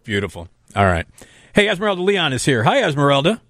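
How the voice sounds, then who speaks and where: A man's voice: a little high, wildly swooping pitch, fast talker, a bit bright, no room sound, clean studio sound. A man hosting a radio talk show in casual chat, effusive and sentimental. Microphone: studio microphone.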